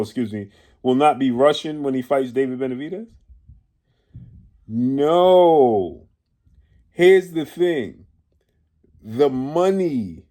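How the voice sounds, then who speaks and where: A man's voice: medium pitch, a little mellow. A man delivering an indignant boxing commentary straight to his audience. He hammers away with one rhetorical question after another. Now and then he stops to correct himself or hunt for the right word. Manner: pauses to correct himself and grope for words. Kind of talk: opinion commentary to camera.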